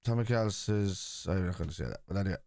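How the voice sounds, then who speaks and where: A man's voice: sits low, fast, creaky, dark tone, dry recording. A middle-aged man hosting a football watchalong, talking casually and bluntly while reading out and answering viewers' comments. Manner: blunt, combative with chat, reads comments aloud. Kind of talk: casual live-stream chat.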